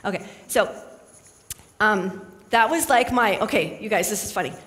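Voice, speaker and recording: A woman's voice: medium pitch, lively intonation, normal speed, fairly bright tone, long reverb tail. A middle-aged woman speaking as a spiritual speaker to a live audience in a chatty, storytelling manner.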